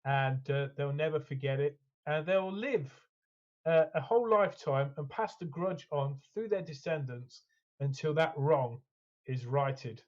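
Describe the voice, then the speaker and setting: A man's voice: a little high, unhurried, muffled recording. A man co-hosting a casual hobby chat, talking enthusiastically and rambling with lots of fillers. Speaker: co-host.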